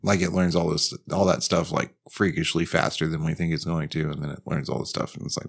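A man's voice: extremely low pitch, level tone, fairly quick, creaky. A man co-hosting a podcast, talking in loose, rambling casual banter and laughing often. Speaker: podcast co-host.

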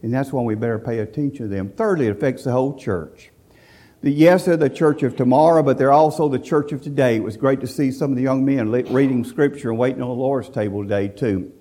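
A man's voice: mid-range voice, dark tone. A man preaching a folksy, emphatic sermon. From central Alabama, USA. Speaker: visiting preacher.

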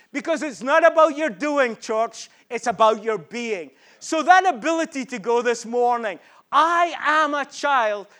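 A man preaching a sermon in church to his congregation, emphatic and repetitive, slowing down to drive his key phrases home. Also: very high voice, fairly bright tone. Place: church service before a congregation.

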